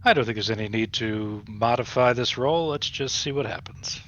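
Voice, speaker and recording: A man's voice: medium pitch, moderate pace, a bit bright, dull audio, slight background noise. A man playing in a tabletop role-playing game, describing what his character does, with many fillers and restarts. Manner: hesitant, full of fillers and restarts. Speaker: player.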